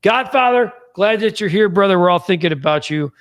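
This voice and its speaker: An upbeat, folksy sports talk host with a fairly high voice. He is wrapping up a live show in a casual way, reading out viewers' comments. He speaks warmly and directly to them. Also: lively intonation, brisk. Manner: upbeat and chatty, with shout-outs to viewers by name.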